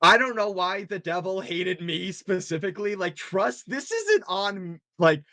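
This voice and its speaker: Rambling higher-voiced male player. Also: animated, unhurried, bright, forceful tone, dry recording. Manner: rambling, filler-heavy. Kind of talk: playing in a tabletop game.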